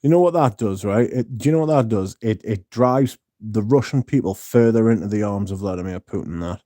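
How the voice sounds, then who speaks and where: A man's voice: fairly low pitch, fairly quick, warm tone, dry recording, studio quality. A man hosting a livestream, chatting casually with viewers in a blunt, sweary, rambling way. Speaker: livestream host reading viewer chat.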